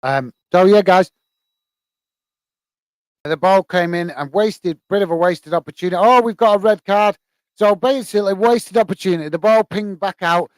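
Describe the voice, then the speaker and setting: A man's voice: high voice, normal speed, no echo. Tired man on a match watch-along. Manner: rambling, many fillers. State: tired, yawning.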